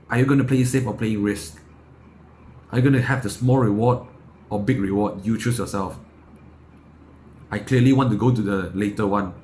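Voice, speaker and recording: A young man from Malaysia gives a heated motivational rant, blunt and profane, stacking rhetorical questions and restarting words as he pushes his point. His voice sits on the low side. A faint noise floor hums under the recording. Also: darkish tone. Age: young adult. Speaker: self-improvement YouTuber. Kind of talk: impassioned motivational monologue to camera.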